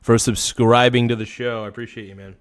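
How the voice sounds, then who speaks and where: Excitable, foul-mouthed male livestream host. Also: mid-range voice, brisk, very noisy. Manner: excitable, swears often, reads out viewers' names to thank them. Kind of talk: casual livestream chat.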